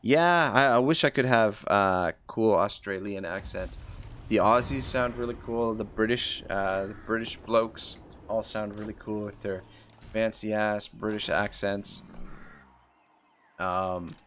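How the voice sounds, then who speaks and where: A man with a Canadian accent plays a strategy game on stream, rambling through fillers and restarts while reading out and answering viewers' messages. His voice is lowish, a bit bright, and unhurried, with slight background noise.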